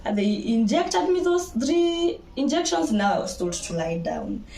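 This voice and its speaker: A young woman with a Kenyan accent tells her own story in casual chat, lively and laughing, now and then breaking into Swahili. Her voice sits fairly high. The room around her is echoey, with a faint background hiss. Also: a little slow, gravelly. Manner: animated, laughing, mixes Swahili into English. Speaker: vlogger telling her birth story.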